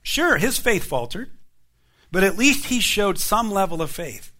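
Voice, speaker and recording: Bright-voiced animated male preacher. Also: high-pitched, measured pace. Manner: animated storytelling preacher, rhetorical questions to the congregation. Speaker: pastor. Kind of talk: sermon.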